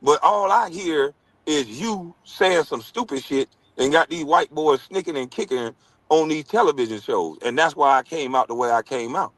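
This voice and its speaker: A man's voice: a little high, normal speed, fairly bright tone, dry recording, poor audio. A former pro athlete, a man, ranting angrily and mocking someone, repeating his insults. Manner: angry, mocking, repetitive. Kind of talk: heated rant in an interview clip.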